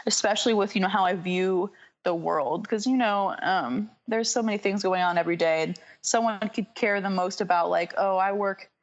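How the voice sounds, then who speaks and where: A woman's voice: medium pitch, muffled recording. A woman with a Southern accent from North Carolina chats on a podcast in a loose, rambling way. She stops and restarts often, threading her thoughts with fillers. Her voice sits in a middling register. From North Carolina, USA. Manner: rambling and halting, full of "like" and "um". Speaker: podcast guest. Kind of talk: casual podcast chat.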